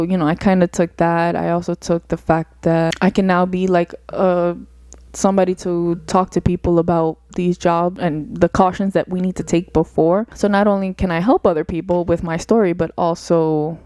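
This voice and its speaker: A woman's voice: on the low side, mellow, no echo. A young woman hosting a solo podcast, talking through her thoughts in an earnest, rambling way, full of "like" and "you know". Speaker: podcast host. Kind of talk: reflective solo podcast monologue.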